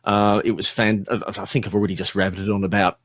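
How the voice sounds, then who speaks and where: A man's voice: on the low side, little pitch movement, fast, no room sound, clean studio sound. An Australian man hosting a casual live stream for his podcast, chatting and rambling with lots of ums as he thanks his listeners. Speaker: podcast host.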